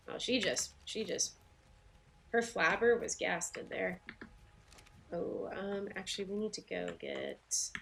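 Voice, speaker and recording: Southern lady streamer, gravelly fry in her voice, just chatting with chat, bit of faint hiss. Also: mid-range voice, a bit bright. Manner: chatty, talks to viewers by name, laughs often. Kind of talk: casual livestream chat while playing.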